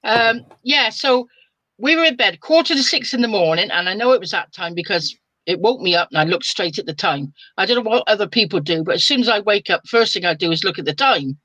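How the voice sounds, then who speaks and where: An older woman, a spiritual medium telling a story in a chatty, lively way over a video call. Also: mid-range voice, brisk, no echo. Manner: chatty and lively, with colloquial exclamations. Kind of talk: casual storytelling on a live video chat.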